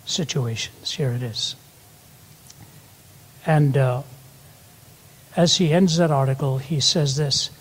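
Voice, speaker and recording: A man's voice: mid-range voice, slightly rough. An older man preaching a sermon, telling stories and rising to emphatic peaks. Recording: long hall reverb.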